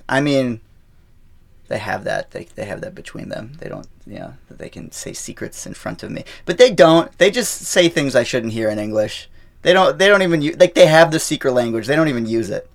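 A man hosting his podcast alone in casual, rambling talk full of fillers and deadpan irony, recorded in a small booth at an airport. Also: lowish voice, creaky. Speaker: podcast host. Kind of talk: casual solo podcast monologue.

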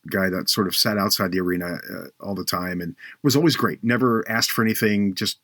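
A man hosting a faith podcast, telling a personal story earnestly and slowing down for emphasis. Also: on the low side, fairly bright tone, no room sound, studio quality.

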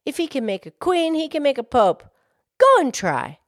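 A woman's voice: high-pitched, sing-song, moderate pace, no echo, clean studio sound, voice pushed up. A woman reading aloud, voicing a greedy, demanding fisherman's wife in an imperious, insistent tone. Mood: domineering.

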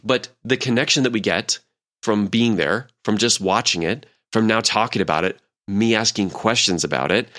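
Chatty man in his forties, lowish voice. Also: normal speed, fairly bright tone. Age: 40s. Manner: conversational, lots of fillers and acted-out quotes. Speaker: podcast host and leadership coach. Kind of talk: casual podcast monologue.

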